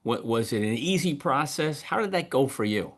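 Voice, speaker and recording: A man's voice: medium pitch, animated, moderate pace. A man hosting a podcast interview, chatting casually and asking several questions in a row. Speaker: podcast host.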